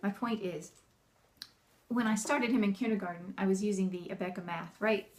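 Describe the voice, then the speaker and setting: A homeschooling mom talking casually to camera, chatty and animated, laughing often and acting out the bossy and cheerful voices she uses with her kids. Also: medium pitch, moderate pace.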